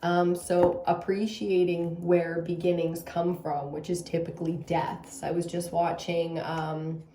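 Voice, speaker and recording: A woman's voice: lowish voice, level tone, a little slow, mellow, slight background noise. Rambling tarot-reading woman in an echoey room. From Canada. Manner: rambling, loose, swears freely. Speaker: tarot reader. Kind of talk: casual channeled tarot reading.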